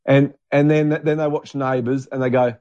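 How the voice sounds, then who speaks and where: A man's voice: medium pitch, little pitch movement, normal speed, dark tone, dry recording, dull audio. A middle-aged man, chatting casually in a rambling, blunt and crude way. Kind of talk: casual chat.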